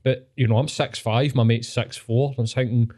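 A young Scottish man swapping stories in casual chat, mid-pitched and relaxed. He swears freely, laughs often and tells each tale with plenty of filler. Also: normal speed. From Scotland.

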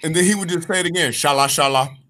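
A man's voice: high-pitched, fairly even intonation, rapid-fire, background noise. Man telling stories, laughing often. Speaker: podcast guest. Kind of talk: casual storytelling.

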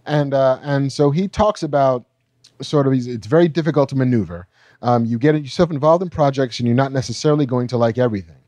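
Relaxed man chatting on a podcast. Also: medium pitch, fast talker, dry recording. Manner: relaxed, conversational, fond of reading quotes aloud. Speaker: podcast co-host. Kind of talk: casual entertainment news chat.

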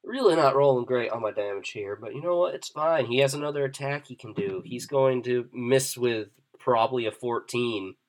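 A man running a tabletop game as game master, relaxed and chatty, thinking aloud with fillers. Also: medium pitch, normal speed, hardly any pauses.

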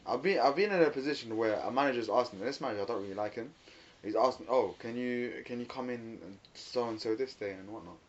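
A young man chatting casually, relaxed and slangy, acting out the lines of the people in his stories. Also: medium pitch, fast talker. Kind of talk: casual storytelling. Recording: slightly dull recording.

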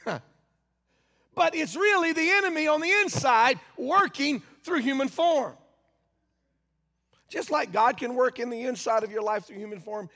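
A man preaching a sermon. He reads scripture slowly and emphatically, then speaks casually with asides to the congregation. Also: very high voice, fairly bright tone, in a large hall.

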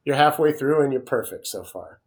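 A man hosting a casual podcast, running a movie quote quiz with animated readings. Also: medium pitch, a little fast. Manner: reads movie quotes in exaggerated impressions. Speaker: podcast host.

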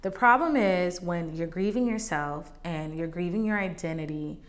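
A woman's voice: fairly low pitch, normal speed. A woman hosting a faith podcast, candidly sharing a personal testimony in a conversational way that turns emotional at times. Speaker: podcast host.

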